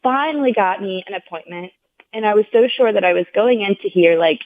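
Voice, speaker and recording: A woman's voice: medium pitch, a little fast, no room sound. Woman guest, earnest storyteller, lots of "like"s, acts out quotes. Tinny, dry phone-line sound. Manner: earnest, heartfelt retelling, heavy use of "like"; acts out the people she quotes in raised voices. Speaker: podcast guest. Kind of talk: personal storytelling in a conversational interview.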